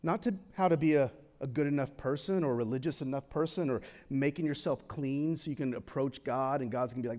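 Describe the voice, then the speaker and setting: A young man preaching a sermon in a casual, conversational way, swinging from excited to hushed and solemn. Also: mid-range voice, fairly quick, hardly any pauses. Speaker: pastor.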